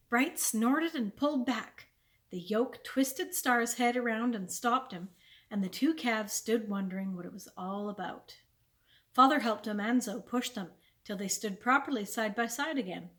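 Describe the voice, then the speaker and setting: A woman, a children's librarian, reading a chapter book aloud with clear, expressive storytelling. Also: a little high.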